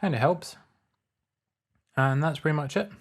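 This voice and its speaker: A man casually talking through a music production tutorial step by step in a relaxed, plain way. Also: a little high, measured pace. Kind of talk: casual screen-recorded tutorial.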